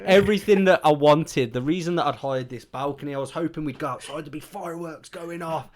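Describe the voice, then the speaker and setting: A man's voice: on the high side, a little fast, a crowd in the background. Foul-mouthed British man telling a story. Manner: swears constantly, rambling and animated. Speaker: podcast host. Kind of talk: casual storytelling chat.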